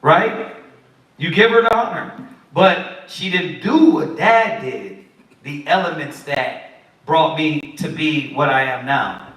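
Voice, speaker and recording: Animated preaching man in an echoey room. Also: a little high. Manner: animated, preachy, acts out quotes of kids and parents. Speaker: Bible study teacher. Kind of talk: sermon-style teaching. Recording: echoey room, far from the mic.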